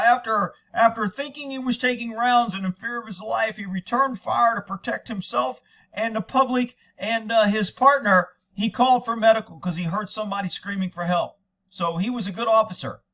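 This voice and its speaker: A man's voice: high voice, normal speed, pushed and bright. An American man giving angry, indignant commentary over police video, ranting at length.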